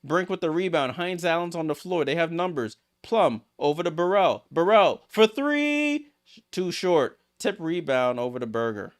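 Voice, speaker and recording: A man hosting a live watchalong stream, calling basketball play-by-play and reacting excitedly to each play. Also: mid-range voice. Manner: excitable, rattles off passes, reacts aloud. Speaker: watchalong host.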